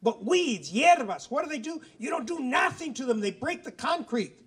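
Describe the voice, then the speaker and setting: A man's voice: very high voice, normal speed, husky. A middle-aged man giving an emphatic storytelling talk to a school audience, acting out the dialogue. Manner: animated, emphatic, acts out dialogue. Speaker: author speaking at a school.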